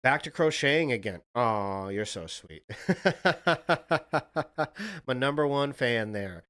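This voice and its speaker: A man's voice: mid-range voice, lively intonation, normal speed, a bit bright, smooth. A man live-streaming a casual reaction chat, rambling, swearing and talking to a viewer in chat.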